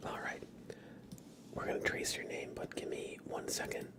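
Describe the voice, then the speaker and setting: Close on the microphone, a stuffy-nosed man whispers soft, slow commentary during a live ASMR stream. His low-key manner includes encouraging the people in chat.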